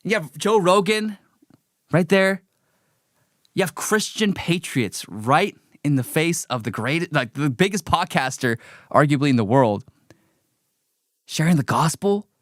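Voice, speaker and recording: Male live-stream host, fiery and preachy, high bright voice, dry close sound. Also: very animated, unhurried, long pauses, no room sound. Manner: heated, emphatic, preachy, mocking. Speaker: political commentary host. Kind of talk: opinionated live-stream commentary.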